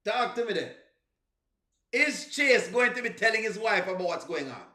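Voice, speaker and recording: A man's voice: sits high, lively intonation, normal speed, sharp tone, roomy sound. A man with a Jamaican accent hosting a reaction livestream, laughing often and repeating phrases as he chats with viewers. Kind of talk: casual chat with live viewers.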